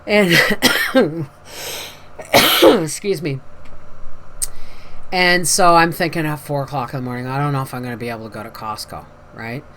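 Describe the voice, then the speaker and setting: A woman's voice: low-pitched, moderate pace, long pauses, a bit bright, a little hiss or hum. A woman talking casually to camera as a homestead vlogger, a chatty storyteller who acts out the voices in her anecdotes and sounds tired after a night with a migraine.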